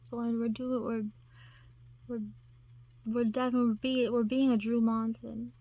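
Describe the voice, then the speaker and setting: A woman's voice: a little high, flat delivery, normal speed, warm tone, dry recording. A woman vlogger chatting casually to her camera, rambling and self-deprecating with lots of restarts.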